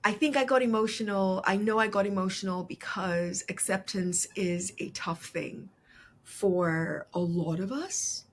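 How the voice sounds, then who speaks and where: A woman's voice: medium pitch, steady tone, a little slow. A woman hosting a podcast interview, conversational and easily moved, laughing often. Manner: emotional, tearful at times, laughs easily. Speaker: podcast host.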